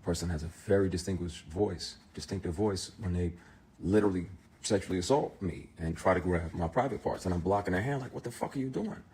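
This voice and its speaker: A man's voice: sits low, brisk, a little mellow, breathy edge. A man, an actor, speaking straight to camera in an emphatic, profane, heated rant. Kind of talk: impassioned direct-to-camera rant.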